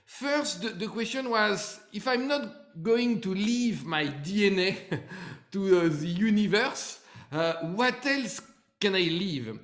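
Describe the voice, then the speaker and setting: Middle-aged man, French accent, webinar host, slow and high-pitched, roomy echo on a call mic. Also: lively intonation, a bit bright. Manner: friendly, halting with many fillers. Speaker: webinar speaker. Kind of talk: live webinar talk.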